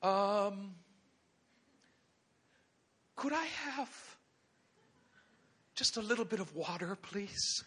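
A man's voice: high voice, expressive, drawn-out words, long pauses, pushed and bright, breathy edge, pitched above the performer's own voice, exaggerated voice. A preacher voicing a timid, meek male prophet who hesitantly begs for a little food, in a small pleading voice.

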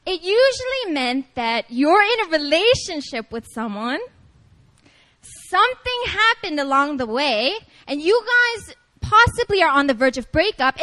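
A woman preaching at a prayer meeting, talking to the congregation in an animated, playful way and calling on them to respond. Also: high voice, poor audio. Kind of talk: lively conversational sermon.

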